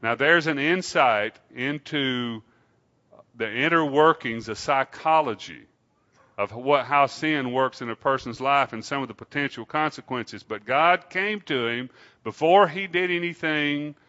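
A man preaching a sermon to his congregation in an unhurried, conversational way, often asking them questions. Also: mid-range voice, sharp tone, muffled recording. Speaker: pastor.

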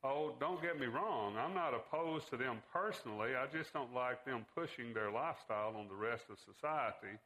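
A man's voice: mid-range voice, expressive, moderate pace, hardly any pauses, pushed and bright, low-quality recording. A man voicing a middle-aged father who defends his views with bluster in a read-aloud story. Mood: defensive.

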